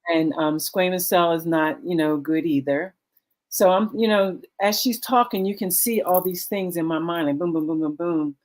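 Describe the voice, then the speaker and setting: A middle-aged woman on a video call telling her story with many pauses and fillers, acting out the dialogue she recalls. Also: fairly low pitch, fairly even intonation, darkish tone. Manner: halting, many fillers, acts out quoted dialogue. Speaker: guest sharing her story. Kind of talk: candid conversational storytelling.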